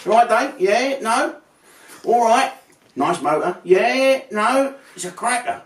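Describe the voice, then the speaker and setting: A chirpy, bouncy bloke, as a comedian puts him on, pitched well above the speaker's own voice. The sound is roomy and picked up from a distance. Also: male voice, expressive, takes it slowly, heavily acted. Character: chirpy bloke who says "yeah, no".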